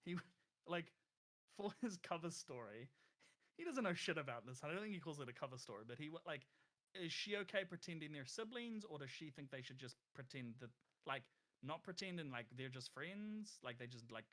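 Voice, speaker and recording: A man's voice: fairly high pitch, expressive, moderate pace, a bit bright. A man talking through his character's choices as a player in a casual tabletop game, rambling with many fillers and restarts.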